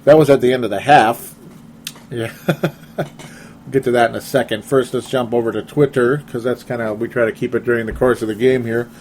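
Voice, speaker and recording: A man's voice: medium pitch, fairly even intonation, fairly quick, a little mellow, slight background noise. A young man hosting a casual sports talk show, rambling and laughing often as he reads listener comments. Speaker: podcast host.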